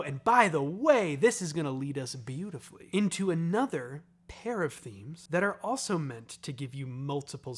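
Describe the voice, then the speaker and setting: Excitable high-voiced male music host. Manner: animated, enthusiastic, explanatory. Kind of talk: music analysis video.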